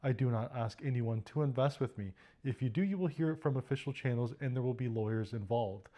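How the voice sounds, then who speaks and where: A man's voice: mid-range voice, warm tone. Firm man issuing a warning. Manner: firm, measured, serious. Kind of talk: public warning statement.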